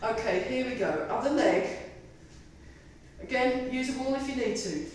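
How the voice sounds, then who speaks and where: With a fairly high, somewhat mellow voice at normal speed, a woman counts reps for her tai chi class, adding self-deprecating chatter and giggles. The recording picks her up from a distance in an echoey room with slight background noise.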